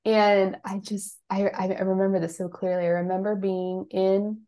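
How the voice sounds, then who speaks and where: A woman in her thirties, a guest on an interview show, telling her life story in a casual, animated way, acting out quotes with lively voices. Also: mid-range voice, moderate pace. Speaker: guest, psychic and life coach.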